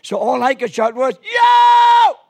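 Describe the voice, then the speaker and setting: A man preaching a lively sermon in a church, animated and swinging from quiet asides to shouts. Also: high-pitched, unhurried, husky. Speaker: pastor.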